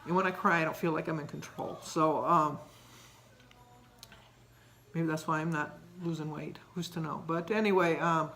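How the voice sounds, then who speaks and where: A woman's voice: low-pitched, fairly even intonation, moderate pace, pauses often, a bit bright, slight background noise. Older woman rambling through a daily vlog. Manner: rambling, emotional, self-deprecating. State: tearful at times. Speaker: vlogger. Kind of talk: casual daily vlog chat.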